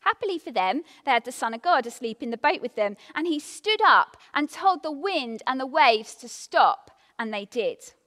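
Bright, lively woman giving a devotional. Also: high-pitched, moderate pace, hardly any pauses, big-room sound. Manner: expressive storytelling, lively emphasis. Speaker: devotional speaker. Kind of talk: devotional talk with scripture reading.

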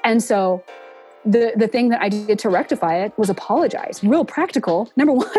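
A woman in her forties, a guest in a casual interview, talking earnestly and reflectively and acting out quoted speech with lively pitch jumps. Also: a little fast, soft background music. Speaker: interview guest, entertainment production professional.

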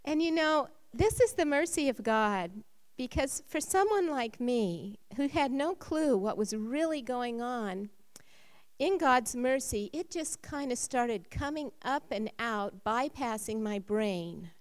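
A woman sharing a personal faith testimony. Her voice rises when she gets excited and drops low when she turns reflective. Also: slow. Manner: emotional storytelling, rising when excited and dropping low when reflective.

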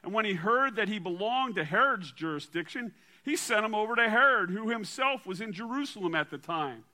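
A man preaching a sermon and reading scripture aloud in a dramatic way, dropping to a quiet low voice for emphasis. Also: expressive, brisk. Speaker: pastor.

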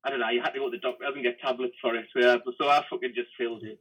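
A man's voice: medium pitch, fairly even intonation, rapid-fire, a bit bright, highs cut off. A man, a stand-up comedian trading blunt, sweary banter in a comedy chat.

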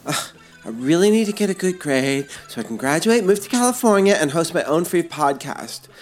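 A woman's voice: lowish voice, lively intonation, moderate pace, darkish tone, soft background music, close to an everyday voice. A woman playing a whiny young grad student.

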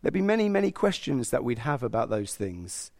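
Gravelly-voiced male preacher. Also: medium pitch, a little fast. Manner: animated, acts out God's inner voice. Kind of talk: sermon.

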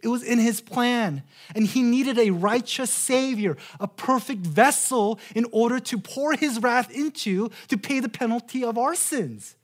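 A pastor in his thirties, voice very high, gives an earnest sermon. He slows down sharply on key phrases and repeats words as he restarts.

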